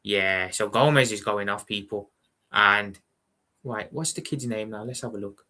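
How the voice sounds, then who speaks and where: A man's voice: on the low side, measured pace, bright, forceful tone. A man with a Scouse accent from Liverpool, chatting bluntly and rambling on a live football watchalong stream, often repeating "you know what I'm saying". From Liverpool, England. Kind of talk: casual live-stream chat.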